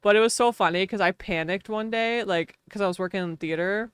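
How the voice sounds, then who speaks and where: A woman's voice: medium pitch, brisk, smooth, dry recording. A woman with a Wisconsin accent chatting casually on a live game stream, laughing often and talking to her chat. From Wisconsin, US Midwest.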